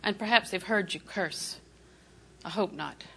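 Bright-voiced older woman preaching with humor. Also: medium pitch, a little slow, vocal fry, slight background noise. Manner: folksy, humorous storytelling with frequent laughs. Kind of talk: sermon.

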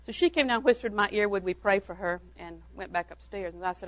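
An older woman speaks in a folksy, homespun storytelling manner, chuckling now and then as she moves from one anecdote to the next. Her voice sits at an ordinary middle pitch for a woman. The sound is dry and close, with no room echo. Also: fast talker. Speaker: church speaker on parenting. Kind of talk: folksy storytelling talk to an audience.

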